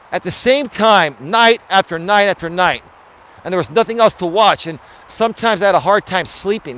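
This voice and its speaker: A male life coach streams from his phone while walking outdoors around a building, speaking bluntly to his live chat in a casual monologue. His voice sits high with a fairly bright tone.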